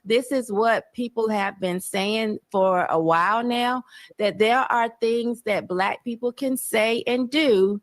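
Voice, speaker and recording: A woman's voice: medium pitch, no room sound. A woman giving her opinions in a frank, matter-of-fact way. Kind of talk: casual opinion talk.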